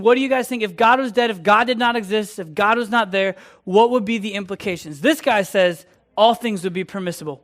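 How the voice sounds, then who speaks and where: Brief: energetic male youth leader, bright high voice, playful and quick to joke with the room. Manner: upbeat, energetic, joking with the room. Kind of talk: lively youth group game and teaching.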